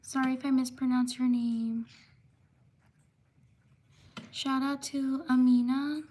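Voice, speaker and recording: Female livestream host, high and flat delivery, unhurried shout-out reading. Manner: slow, steady listing of names with quick apologies. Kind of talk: live stream shout-outs.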